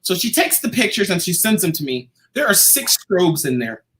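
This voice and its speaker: A man, a guest artist in an interview, telling a personal story in a lively, casual way. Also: high-pitched, normal speed. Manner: animated, acts out quoted voices.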